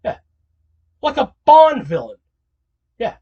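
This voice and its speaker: A man talking alone in a casual commentary, animated and incredulous, rambling with restarts and repeated questions. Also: very high-pitched, moderate pace, highs cut off. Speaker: video creator.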